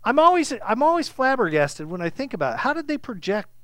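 A Bible teacher leads a small group through a passage in an easy, conversational way, with a lively voice that swings widely in pitch. The teacher keeps checking in with the listeners and acts out the scripture dialogue. The sound is dry and close, with almost no room echo. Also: quick pace.

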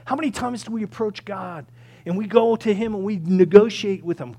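Male preacher, fairly high voice, emphatic delivery that swings between loud pleas and hushed lines. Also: a little fast. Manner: earnest, emphatic, acts out quoted pleas. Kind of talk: sermon.

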